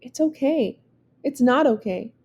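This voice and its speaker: A blunt, protective young girl from a storybook, voiced by a woman. Her lines come out curt and slightly raised, in a mellow tone. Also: high-pitched, animated, a little slow, slightly rough, muffled recording, voice pushed up, exaggerated voice.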